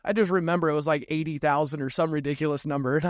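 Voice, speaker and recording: A man telling a personal story as a podcast guest in a casual interview, lively and laughing often as he acts out the dialogue. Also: fairly high pitch, quick pace, no room sound, studio quality. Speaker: podcast guest, real estate investor.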